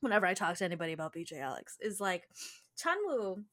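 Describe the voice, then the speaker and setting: A woman's voice: on the low side, fast. A woman in her thirties in casual podcast chat, talking animatedly with frequent laughs and acting out quotes. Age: 30s. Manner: animated, laughing, acts out characters' lines. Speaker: podcast co-host discussing comics.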